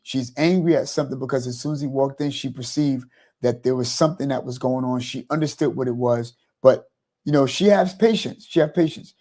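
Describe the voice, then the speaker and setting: A man's voice: medium pitch, fairly quick, dark tone. A man hosting a motivational talk, rambling and repeating "you know" as he explains. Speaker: host.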